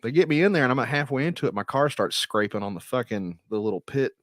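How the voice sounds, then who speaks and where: A man's voice: medium pitch, lively intonation, fast, dry recording, clean studio sound. A man talking casually as a podcast guest, blunt and crude and swearing freely. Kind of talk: casual chat.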